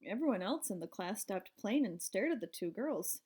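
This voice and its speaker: Expressive woman reading a storybook. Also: mid-range voice, moderate pace, slightly rough. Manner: expressive first-person narration. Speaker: audiobook reader. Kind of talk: storybook narration.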